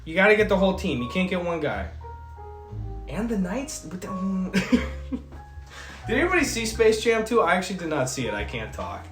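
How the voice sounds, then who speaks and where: Reading out chat on his livestream, this man talks fast in a high, sing-song voice with a slightly bright edge. He rambles, curses and cracks jokes along the way, and he's a little under the weather. Soft music plays faintly behind him in a roomy-sounding space.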